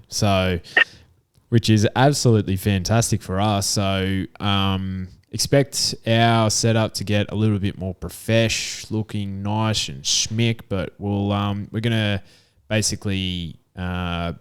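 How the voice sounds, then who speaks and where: Laid-back Aussie bloke, smooth voice. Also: male voice, lowish voice. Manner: laid-back, jokey, slangy. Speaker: podcast co-host. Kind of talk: casual racing podcast chat. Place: room at home.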